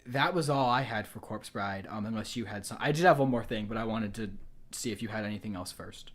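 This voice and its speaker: A man's voice: on the low side, fairly quick. A man co-hosting a podcast in casual film-discussion chat, rambling and hesitant, circling back on his own words. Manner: rambling, hesitant, lots of fillers and restarts. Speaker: podcast co-host.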